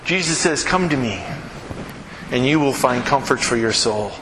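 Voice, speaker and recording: A middle-aged male pastor preaching a sermon, asking the congregation rhetorical questions and moving between hushed and raised delivery. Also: mid-range voice, animated, normal speed. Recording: echoey hall with background noise.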